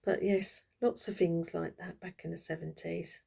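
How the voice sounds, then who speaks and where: A woman's voice: lowish voice, fairly even intonation, normal speed, gravelly, mellow. A woman in her fifties chatting casually and reminiscing while she crochets, in a rambling, friendly way. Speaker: crafter vlogger.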